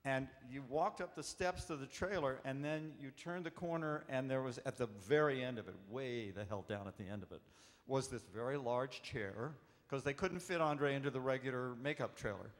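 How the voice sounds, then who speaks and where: A man, an actor, telling animated anecdotes at a convention panel, acting out the voices in his stories. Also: mid-range voice, moderate pace, hardly any pauses. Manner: warm, animated storyteller acting out quotes. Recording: echoey convention hall.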